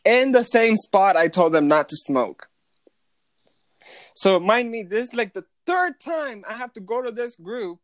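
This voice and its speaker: A young adult telling a story from night shifts at a hotel front desk, animated and swearing, with many "like" fillers and some Spanish phrases. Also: medium pitch, a little slow, dry recording. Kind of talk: casual storytime vlog.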